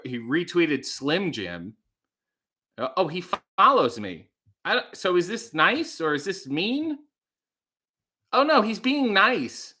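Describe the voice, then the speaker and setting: A man with a bright, slightly high voice hosts a casual livestream. He reads viewer comments aloud and reacts in a chatty, offhand way, as if talking to regulars. He sounds like a man in his thirties. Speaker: host.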